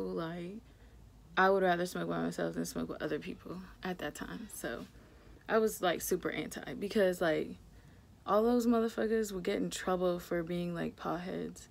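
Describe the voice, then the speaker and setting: A woman's voice: lowish voice, vocal fry. A young woman vlogger chatting casually while doing her makeup, telling a story with lots of "like" and swearing. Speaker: beauty vlogger.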